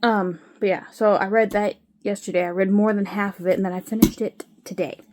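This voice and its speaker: A woman's voice: medium pitch, fairly even intonation, brisk, a little mellow. A woman chatting casually to camera at home, rambling with sighs and frequent fillers. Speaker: vlogger. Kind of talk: casual chat.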